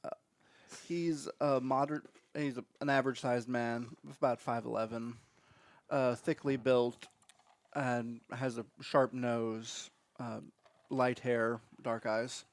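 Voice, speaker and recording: A man at a tabletop game describes his character in a plain, mid-pitched voice. He hesitates now and then. The sound is dry and close. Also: fairly even intonation, slow, no echo. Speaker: player.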